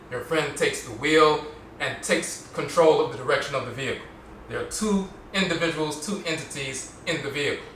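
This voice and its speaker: A man with a bright, forceful voice delivers a solo podcast lecture, explaining step by step and slowly repeating words to demonstrate their pronunciation. He sits some way from the mic, so his voice carries a roomy echo. A faint room ambience hums underneath. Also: medium pitch, far from the mic, a little hiss or hum. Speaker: podcast host.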